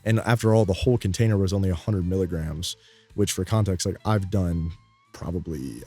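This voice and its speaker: A man's voice: deep voice, darkish tone, slightly rough. A young man telling a story in a rambling, laid-back way, full of fillers. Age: young adult. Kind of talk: casual storytime.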